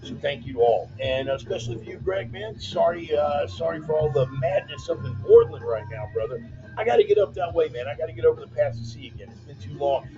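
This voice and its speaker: A man runs his weekly online show from a laptop, loosely joking through viewer comments and calling everyone "man" and "brother." His expressive voice sits on the high side and moves briskly. Bumper music plays under the dull, lo-fi laptop-mic audio.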